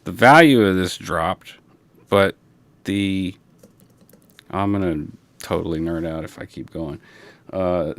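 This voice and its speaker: A man hosting a livestream, chatting casually and rambling in a relaxed way, talking through a broadcast console. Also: deep voice, slow pace, long pauses, no room sound. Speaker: livestream host. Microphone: broadcast console setup.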